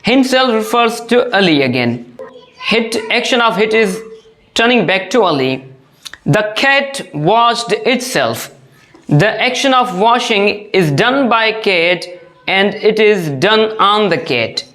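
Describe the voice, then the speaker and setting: A grammar teacher giving a lesson to students, speaking slowly and repeating each phrase and example, often addressing them as dear students. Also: mid-range voice, very animated, a bit bright.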